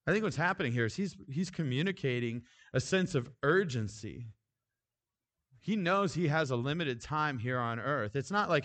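A man's voice: medium pitch, expressive, normal speed, a bit bright. A man delivering a sermon in an easy, conversational manner. He talks informally, with casual asides and restarts, as if chatting with the congregation. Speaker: pastor.

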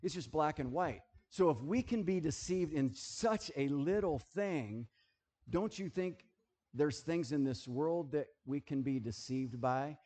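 A man preaching a sermon, animated and jokey, who keeps checking that his listeners are following. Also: on the high side, a little slow. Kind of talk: sermon with object lessons.

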